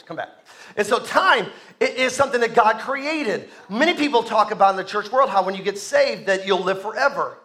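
A man preaching a sermon to a congregation, joking and animated, often asking the room to respond. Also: high voice. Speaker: pastor. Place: church sanctuary with congregation.

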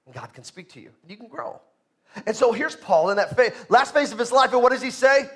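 High-voiced man preaching a sermon. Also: lively intonation, brisk. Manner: emphatic preaching, rising loud on key points. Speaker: pastor.

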